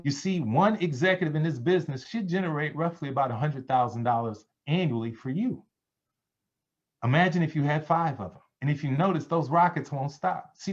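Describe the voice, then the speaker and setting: A man giving a sales pitch on a conference call, preachy, calling his listeners family. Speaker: presenter on a business call. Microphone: conference call line. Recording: dull lo-fi call audio.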